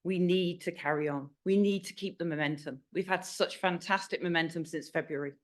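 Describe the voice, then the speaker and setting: A woman's voice: lowish voice, a little fast. A woman speaking for a corporate sponsor at a launch event, making an emphatic, rallying speech and repeating key words.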